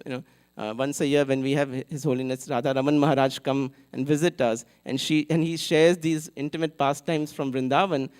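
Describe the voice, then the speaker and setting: A man's voice: on the high side, a little mellow. A man giving a live sermon at a temple, telling a devotional story in a conversational way and acting out its characters. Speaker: temple speaker.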